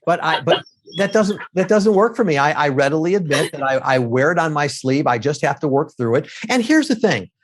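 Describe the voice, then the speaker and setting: A middle-aged man, a TV political commentator, telling stories quickly in a casual interview and acting out quoted lines. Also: a little high. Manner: quick, animated storytelling with acted-out quotes.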